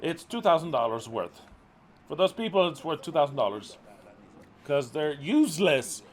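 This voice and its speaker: This middle-aged man in charge of a ministry scolds his people in a sing-song voice at normal speed. Exasperated and profane, he veers from loud outbursts to low muttering.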